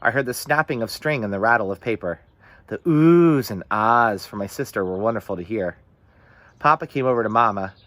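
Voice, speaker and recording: A man reading a novel aloud in the first person, with steady, earnest storytelling. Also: lowish voice, brisk, dry recording. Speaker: audiobook reader.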